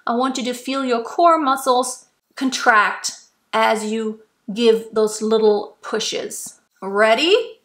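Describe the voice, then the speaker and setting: Woman vocal coach, slightly high, slow and patient teaching delivery. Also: fairly bright tone. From Germany. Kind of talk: instructional explanation.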